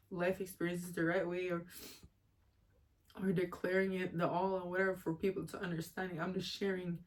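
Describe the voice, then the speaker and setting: A woman from Jamaica vlogging candidly about a personal matter, emotional and rambling as she talks. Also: lowish voice. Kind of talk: personal confessional vlog.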